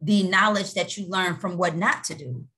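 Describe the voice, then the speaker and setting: A woman on a panel sharing a candid personal reflection in a steady voice, with frequent fillers. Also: lowish voice, normal speed.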